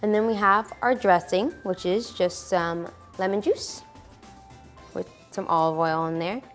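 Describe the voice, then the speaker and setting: A woman's voice: medium pitch, steady tone, a little slow, faint music behind. A woman hosting a casual cooking demonstration, chatty and peppering her talk with "like". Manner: chatty, fills with "like". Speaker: cooking show host.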